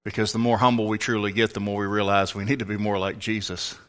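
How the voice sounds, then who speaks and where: A man's voice: lowish voice, flat delivery, fast, fairly bright tone. An older man, a pastor, preaching a sermon in an emphatic, folksy way with asides to the congregation.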